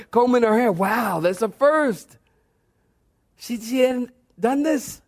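A man preaching a sermon, telling the story in an animated way that swings between excited and low, emphatic delivery. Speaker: pastor.

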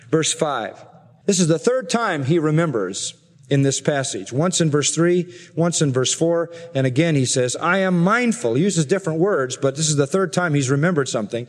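A man's voice: fairly high pitch, in a large hall. A man preaching an expository sermon in an earnest, emphatic way, with rhetorical questions. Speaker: pastor.

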